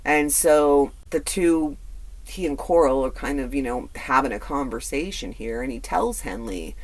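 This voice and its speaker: A man hosts a true crime podcast, his mid-range voice expressive and measured. He tells the story casually and conversationally, tossing in blunt, profane asides, plenty of fillers, and repeated words.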